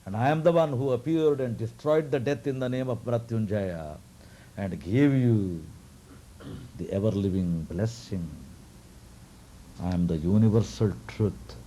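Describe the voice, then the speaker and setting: A man voicing a divine child-god who speaks of himself as the universal truth, low, hushed and solemn, in a devotional story. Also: measured pace, a little hiss or hum, lightly acted. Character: divine cosmic child-god, calm and majestic.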